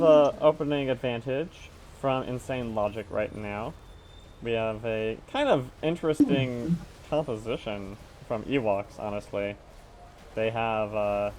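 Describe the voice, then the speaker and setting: A male esports caster hosts a strategy game match with brisk, joking energy. His voice sits in a middle register, and a faint background hum runs under his talk. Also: medium pitch, darkish tone. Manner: upbeat, joking play-by-play. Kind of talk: game commentary.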